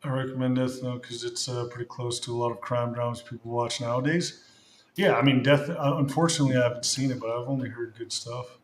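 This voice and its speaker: A young man hosting his livestream in a loose, rambling way, often restarting his sentences. His voice sits at a middling pitch. The room gives it a noticeable echo. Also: steady tone, quick pace. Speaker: streamer host. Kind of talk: casual livestream chat. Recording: roomy echoey room.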